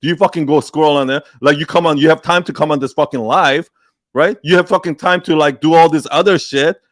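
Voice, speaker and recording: A man with a fairly high voice speaks straight into a close, dry mic. He hosts a live Q&A and lectures bluntly, swearing freely, and he mimics people's excuses in whiny little voices. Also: fairly even intonation, a little fast, no room sound. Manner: blunt, profane, heated, mocks excuses in put-on whiny quotes. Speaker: host of a live Q&A. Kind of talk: unscripted livestream pep talk.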